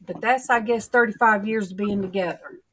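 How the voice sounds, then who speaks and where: A middle-aged woman, rambling in homey, drawn-out stories as she chats casually with her livestream viewers. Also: medium pitch. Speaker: livestream host.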